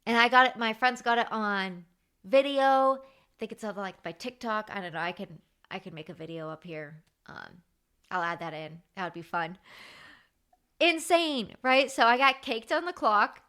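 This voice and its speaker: Brief: woman in her thirties hosting her podcast, bright and forceful tone, lively anecdote telling. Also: mid-range voice, moderate pace, smooth. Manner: animated, chatty, with many fillers. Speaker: podcast host. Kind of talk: casual storytelling.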